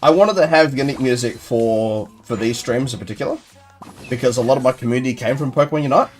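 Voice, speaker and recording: A man's voice: mid-range voice, quick pace, faint music behind. A young man chatting casually with his viewers while playing a game live, rambling and playful as he answers chat. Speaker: gaming streamer.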